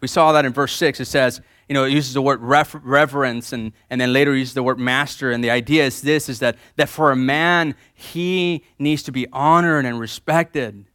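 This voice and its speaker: Bright-voiced pastor preaching. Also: male voice, a little high, no echo, clean studio sound. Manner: lively, swings between loud emphasis and quiet repetition, congregation call-and-response. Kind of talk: sermon.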